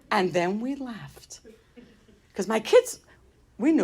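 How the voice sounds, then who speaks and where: A middle-aged woman giving an inspirational talk, telling personal stories in an animated, humorous way that turns grave at moments. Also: medium pitch, normal speed. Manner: animated, humorous, shifting between light and grave. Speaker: inspirational speaker.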